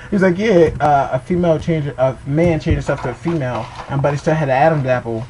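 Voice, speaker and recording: A man's voice: fairly high pitch, quick pace, hardly any pauses, darkish tone, poor audio. A young man telling rambling, profane funny stories in a casual way, laughing along as he goes. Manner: rambling, swearing, laughing at his own stories. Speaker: storyteller. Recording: faint background noise.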